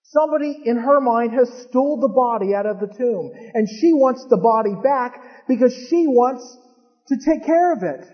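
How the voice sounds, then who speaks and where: High-voiced man preaching a sermon. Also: normal speed. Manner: builds from calm teaching to fervent, emphatic preaching. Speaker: pastor. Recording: dull lo-fi recording with long hall reverb.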